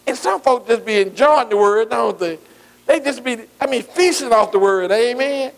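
A man's voice: extremely high pitch, animated, normal speed, vocal fry, a crowd in the background. A man preaching a folksy sermon, calling out "amen" and asking the congregation for responses. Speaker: pastor.

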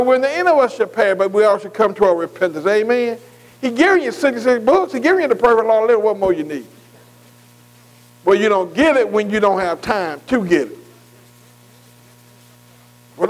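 A man's voice: high voice, low-quality recording. An older man preaching a folksy sermon, often checking in with his congregation. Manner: folksy, calls for congregation response.

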